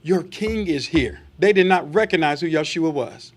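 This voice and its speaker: A man's voice: on the high side, expressive, normal speed. A man preaching a sermon, reading scripture aloud and then asking the congregation rhetorical questions and acting out voices. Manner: acts out quoted voices in asides.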